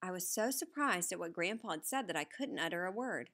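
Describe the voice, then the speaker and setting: A woman narrating a novel aloud in the first person with a steady storytelling read. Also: lowish voice, a little fast. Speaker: audiobook narrator.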